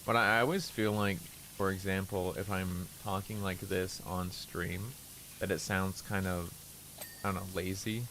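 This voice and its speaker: A man casually chatting on a game stream, speaking in a relaxed, low-key and unexpressive way, deliberately keeping his voice in a lower register. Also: a little hiss or hum. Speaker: livestreamer.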